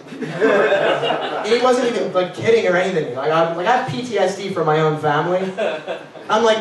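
Man, stand-up comic, brash storyteller, high voice, echoey room, distant mic, crowd audible. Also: sing-song, normal speed. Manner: brash storytelling, swearing, acting out relatives. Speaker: stand-up comedian guest. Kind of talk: stand-up set. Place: live venue with audience.

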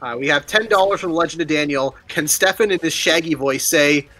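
A man's voice: fairly high pitch, brisk, bright, forceful tone. A man hosting a charity game stream, playfully reading out donation messages. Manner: playful, reads messages aloud. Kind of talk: casual live-stream hosting.

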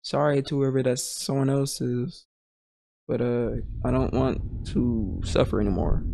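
A young man commentates a horror game, nervous and jumpy, talking to himself and his viewers in slang. His voice has a gravelly, fry-laden texture. A faint hiss sits under the recording. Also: mid-range voice, a little slow, mellow. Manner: jittery, talks to himself and chat with slang. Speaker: gaming streamer.

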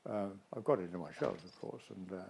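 An older man, an actor, talks in a casual interview with a low-pitched, brisk, creaky voice. He tells stories expressively and with animation.

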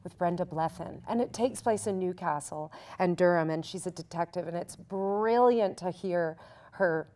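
A woman's voice: fairly low pitch, moderate pace, mellow. A young Canadian woman, a stage actor, chatting animatedly and laughing easily in a casual cast Q&A. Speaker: musical theatre actor. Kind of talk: casual Q&A chat.

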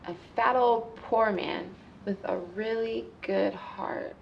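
A gushing, heartbroken young woman talks in quick, dramatic bursts with a gravelly edge. Her voice sits at a middle pitch, and the sound is slightly dull. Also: fairly even intonation, slight background noise. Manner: gushing and quick, swings between upset and charmed.

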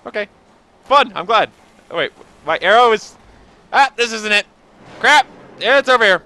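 A man's voice: sits high, expressive, normal speed, long pauses, sharp tone, no echo. A man rambling sarcastically and joking while commenting on his gameplay. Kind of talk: let's play commentary.

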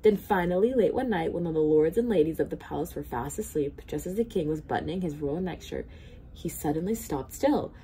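A woman, a hospital volunteer, reading a children's picture book aloud with expressive storytelling. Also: deep voice, a little fast, a little hiss or hum.

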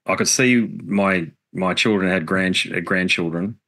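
A middle-aged man talks in a very deep, low register. He recounts things earnestly and reflectively, with casual swearing, in a relaxed interview chat. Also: a little slow. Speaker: podcast guest, musician.

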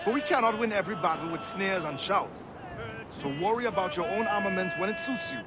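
An actor playing a blunt ship quartermaster. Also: male voice, sits high, close to an everyday voice. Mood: stern. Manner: blunt, measured scolding. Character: stern male ship quartermaster. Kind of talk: game cutscene dialogue. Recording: game audio under loud music.

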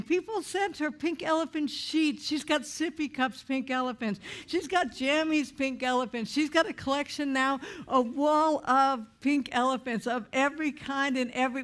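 A woman's voice: sits high, a bit bright. A middle-aged woman from Idaho preaching through a personal story, acting out the voices and laughing often. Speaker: speaker at a church meeting. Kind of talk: storytelling sermon.

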